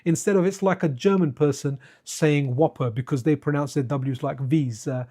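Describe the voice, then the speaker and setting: A man's voice: a little high, moderate pace, warm tone. A man chatting casually to his viewers on a live stream while playing retro games, wandering off into side stories and addressing chat by name.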